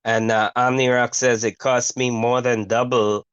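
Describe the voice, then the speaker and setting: A man's voice: medium pitch, flat delivery, measured pace, a bit bright, clean tone, dry recording, dull audio. A man co-hosting a casual live stream, reading viewer comments aloud in an easygoing way. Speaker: co-host reading chat.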